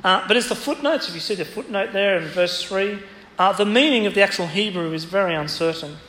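Pastor, man, high-pitched, teaching a Bible passage from the pulpit; recorded in a reverberant church hall. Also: lively intonation, brisk, sharp tone, a little hiss or hum. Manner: expository Bible teaching, emphatic quotes. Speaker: preacher. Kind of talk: sermon. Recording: echoey church hall, faint ambience.

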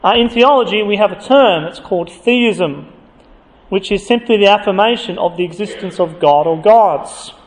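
A man preaching a sermon, emphatic and building to forceful accusation as he reads from scripture. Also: sits high, normal speed. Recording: long hall reverb.

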